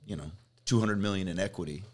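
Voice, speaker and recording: A man's voice: low-pitched, fast talker, slight background noise. A middle-aged man from the Midwest, a podcast guest chatting casually and thinking aloud as he tells stories about business. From Midwest, Kansas. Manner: relaxed storytelling, thinks aloud. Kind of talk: casual chat.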